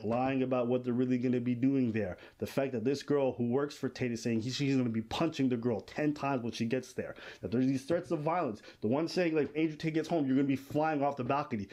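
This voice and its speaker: A man's voice: medium pitch, darkish tone. A man co-hosting, explaining a news story step by step to his audience in casual commentary. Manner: explanatory, breaks things down for viewers.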